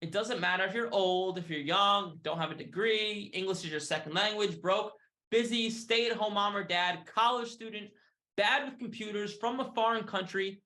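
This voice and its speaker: A man giving an upbeat, hard-sell sales pitch, often tagging his lines with "right?" and "okay?". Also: normal speed, sharp tone. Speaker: sales presenter.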